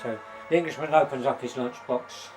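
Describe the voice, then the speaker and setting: A man's voice: medium pitch, steady tone, a little fast, over music. A middle-aged man casually telling crude jokes and laughing at his own punchlines.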